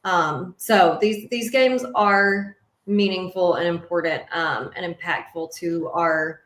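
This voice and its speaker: A woman's voice: fairly low pitch, takes it slowly, fairly bright tone, roomy sound. A young woman co-hosting a podcast who played the game herself, telling stories and explaining earnestly in casual chat. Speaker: podcast co-host, former player.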